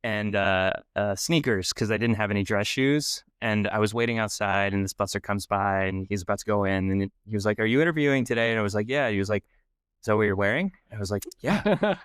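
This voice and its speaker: A man's voice: on the low side, steady tone, brisk, few pauses, fairly bright tone, smooth, no echo, studio quality. A young man telling a self-deprecating story in a casual interview, rambling with many restarts. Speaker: guest filmmaker.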